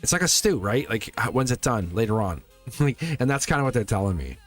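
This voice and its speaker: A man's voice: mid-range voice, sing-song, a little fast. A man hosts a live tarot stream, talking in a loose, rambling way that keeps circling back to reassure his viewers. He checks in with the audience over and over. Faint music plays underneath his voice. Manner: loose, rambling, encouraging, often checking in with "right?". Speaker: tarot reader and channel host.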